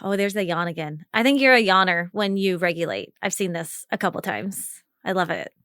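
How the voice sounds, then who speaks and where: A woman's voice: on the low side, animated, brisk, fairly bright tone, clean tone, no echo, studio quality. A woman hosting a live coaching call, chatty and encouraging, laughing often as she guides the talk. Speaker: podcast host and communication coach.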